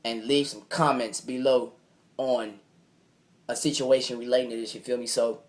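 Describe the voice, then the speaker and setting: A man's voice: medium pitch, fairly even intonation, normal speed. A man vlogger telling a personal story in loose, slangy casual talk, keeping the tone conversational. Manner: slangy, loose, keeps saying "you feel me". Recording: noisy recording.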